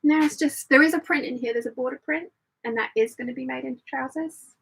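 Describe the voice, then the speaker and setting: A woman with a somewhat high, gravelly voice runs a casual sewing live stream. Her tone is husky and a little breathy as she rambles through her plans. She stops now and then to read and answer viewer comments. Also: quick pace, fairly bright tone, poor audio. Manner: chatty and rambling, thinks aloud while sewing. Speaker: sewing channel host.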